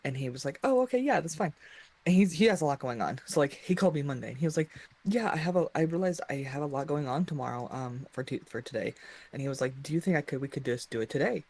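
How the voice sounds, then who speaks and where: A woman's voice: rumbling low, quick pace, a little mellow, breathy edge. A woman chatting on a gaming stream, telling a story and acting out other people's lines. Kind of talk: casual gaming stream chat.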